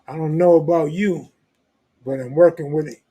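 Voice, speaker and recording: A man's voice: fairly high pitch, steady tone, moderate pace, dark tone, husky. A man hosting a live stream, reading viewer comments in blunt, profane, joking street talk. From Los Angeles, California. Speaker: host.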